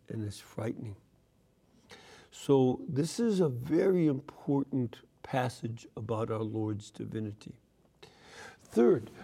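A man, a priest, teaching an unscripted Bible study, deliberate and full of fillers and restarts. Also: medium pitch, warm tone.

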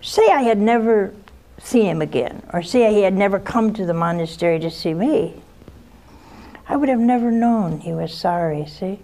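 An older woman, a nun who hosts a call-in show, speaks in a plain, mid-pitched voice. She gives blunt spiritual advice and slips easily into homespun stories. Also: animated, normal speed, warm tone. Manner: direct, folksy storyteller. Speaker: nun and host answering callers. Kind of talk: spiritual advice and personal storytelling.

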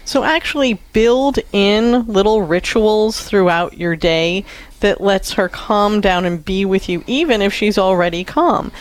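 A woman co-hosting an advice talk show, earnestly explaining parenting routines to a caller. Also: mid-range voice. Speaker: radio show co-host, counselor.

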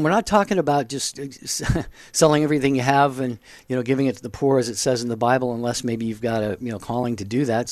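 A man's voice: medium pitch, no echo. Affable man hosting call-in radio. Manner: steady, affable, reads phone number and promos. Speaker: radio show co-host. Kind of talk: Catholic call-in radio chat.

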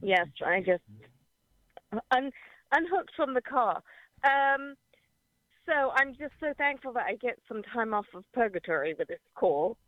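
A woman's voice: on the high side, animated, unhurried, pauses often, no echo. An older woman from London with an English accent, calling in to a radio show, chatty and laughing often, trailing off mid-sentence. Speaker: caller. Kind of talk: radio call-in chat. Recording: tinny phone line.

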